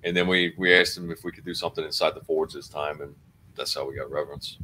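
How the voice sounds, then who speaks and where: A man, a band member guest on a live online interview, explaining things in a relaxed, rambling, casual way. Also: very deep voice, quick pace, slight background noise. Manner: relaxed, rambling, laid-back swearing. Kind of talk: casual live-stream chat.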